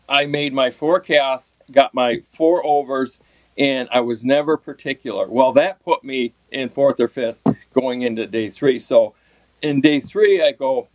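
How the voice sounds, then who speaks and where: A middle-aged man casually telling a long story as a podcast guest, animated and laughing now and then. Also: mid-range voice, dry recording. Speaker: podcast guest, tournament fishing pro.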